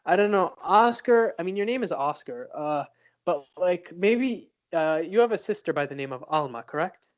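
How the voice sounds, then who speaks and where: A man co-hosting a podcast, chatting casually and thoughtfully, pausing often with fillers and restarts. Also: high voice, animated. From United States. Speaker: podcast co-host. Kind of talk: casual chat.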